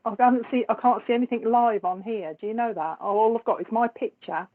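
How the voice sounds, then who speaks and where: A woman's voice: on the high side, a little fast. A woman, a psychic medium hosting a live stream, chatting casually with viewers and laughing often between remarks. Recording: tinny phone-like sound.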